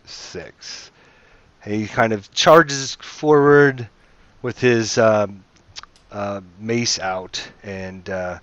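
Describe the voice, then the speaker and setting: A man running an online tabletop game as dungeon master, explaining rules patiently with fillers and restarts. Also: lowish voice.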